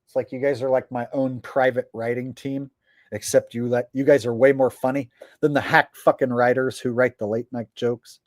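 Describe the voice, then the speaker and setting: A man's voice: mid-range voice, flat delivery, normal speed, no echo. A man streaming on YouTube, chatting casually to his viewers, rambling with frequent "uh" fillers.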